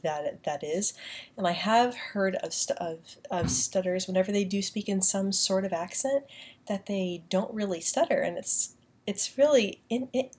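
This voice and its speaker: A woman's voice: on the low side, a little mellow. A young woman vlogger talking casually to camera, with a strong stutter that repeats sounds and words. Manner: strong stutter with many sound and word repetitions.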